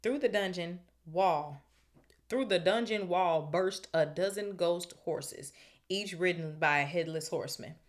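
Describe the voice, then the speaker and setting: A woman with a low voice reads a novel aloud for her podcast. She breaks off into chatty, slangy commentary, then goes back to the page. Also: measured pace. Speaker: podcast host reading aloud. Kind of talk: book reading with casual commentary.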